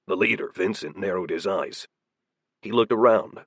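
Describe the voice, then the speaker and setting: A man narrating an action audiobook in a brisk, animated storytelling manner. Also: low voice, slightly rough, no echo.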